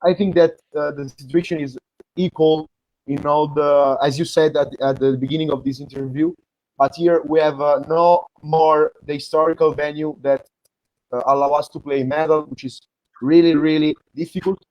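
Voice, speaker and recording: A man from Italy with an Italian accent, hosting an interview over a video call in halting, filler-heavy English. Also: fairly high pitch, fairly even intonation, darkish tone, dry recording, dull audio. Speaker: host. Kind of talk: interview chat.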